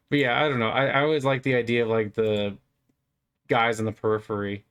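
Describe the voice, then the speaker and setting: A man's voice: mid-range voice, expressive, fast talker, fairly bright tone, clear, resonant tone. A man gives rambling gameplay commentary while playing, talking in a playful, meandering way with stammers and lots of fillers. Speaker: gamer.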